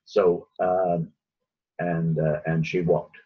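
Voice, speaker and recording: A man with a very deep, strongly husky voice gives casual Bible teaching. He talks conversationally and acts out the lines he quotes. The recording sounds dull and lo-fi. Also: flat delivery, slow pace.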